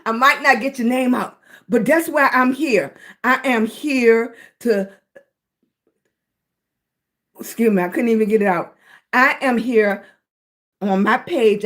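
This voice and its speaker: Woman, high voice, casual livestream host, affectionate, calls viewers sweetie. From Virginia, US. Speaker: live streamer.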